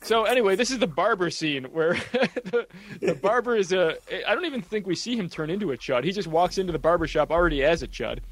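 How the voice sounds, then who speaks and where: A man's voice: sits high, lively intonation, fairly quick. A man co-hosting a casual movie commentary podcast, rambling and joking, swearing freely. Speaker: podcast co-host.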